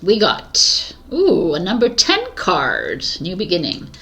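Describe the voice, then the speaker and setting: With a low voice that swings hugely in pitch and a slightly bright tone, this tarot reader speaks slowly. She chats casually to her viewers, giggly and scattered, laughing at herself as her thoughts drift off.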